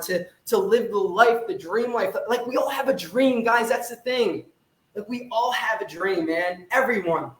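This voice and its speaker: A man's voice: sits high, a bit bright, roomy sound, rough recording. A young man, a fitness coach, giving a fired-up motivational pep talk on a live stream, swearing often and repeating himself.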